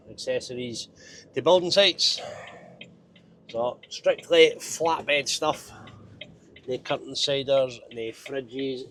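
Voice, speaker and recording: A man's voice: mid-range voice, a bit bright, slight background noise. Nasal Scottish man driving a lorry. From Scotland. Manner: chatty, self-mocking, wry. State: head cold, nasal. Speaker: truck driver vlogger. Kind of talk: casual driving vlog. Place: truck cab.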